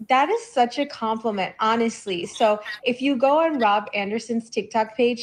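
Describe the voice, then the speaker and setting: A woman's voice: fairly high pitch, low-quality recording. A woman chatting casually on a podcast, gossipy and giggly, acting out quotes as she tells a story. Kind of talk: casual chat.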